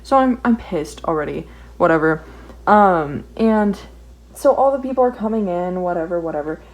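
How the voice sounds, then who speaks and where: A young woman with a somewhat low-pitched voice tells a story while drawing. She rants in a casual, exasperated way and swears freely. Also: lively intonation, normal speed, low-quality recording. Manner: ranting, profane, exasperated. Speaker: vlogger.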